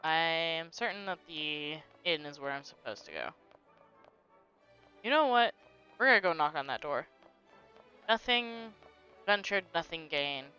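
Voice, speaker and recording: Woman, casual game commentary, playful, animated pitch, low-ish voice, faint game music, dull lo-fi audio. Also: normal speed. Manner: playful, reads game dialogue aloud. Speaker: gaming host.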